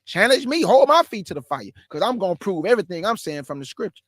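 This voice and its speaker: High-voiced fast-talking preacher man. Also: big pitch swings, a bit bright, no room sound, studio quality. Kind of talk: live-streamed bible teaching.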